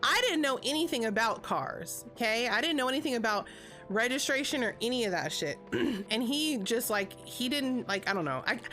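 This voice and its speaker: A woman's voice: a little high, lively intonation, normal speed, sharp tone, soft background music. A woman in her thirties telling a story on a livestream, chatty and profane, with a constant "like" between phrases. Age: 30s. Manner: chatty, profane, heavy filler "like". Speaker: vlogger. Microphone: streaming setup.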